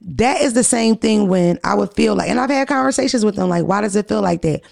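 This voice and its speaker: Gravelly, blunt-talking woman podcaster. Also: medium pitch, brisk, a little mellow. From United States. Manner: blunt, profane storytelling. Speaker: podcast host. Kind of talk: casual podcast chat.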